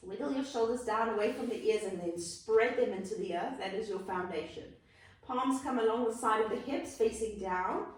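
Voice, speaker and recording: A woman with a South African accent leads a yoga class, calling out poses and offering gentle options in a calm, encouraging tone. Her voice sits a little high. She is recorded from a distance in a strongly reverberant room. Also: normal speed, slight background noise. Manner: calm, encouraging cues with soft asides. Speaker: yoga instructor. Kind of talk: guided yoga class instruction.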